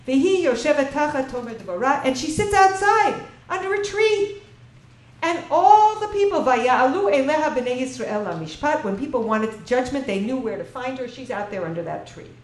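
In an echoey lecture room with faint ambient noise, a woman lecturer teaches a Bible class to her audience. Her high-pitched voice has lively intonation and a moderate pace as she poses questions and reads Hebrew verses, then translates them.

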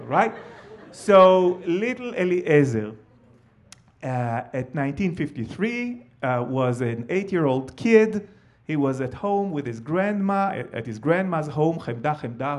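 A man, a Hebrew speaker, telling a family story with animated delivery and frequent fillers. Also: a little high. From Israel. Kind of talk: live storytelling talk.

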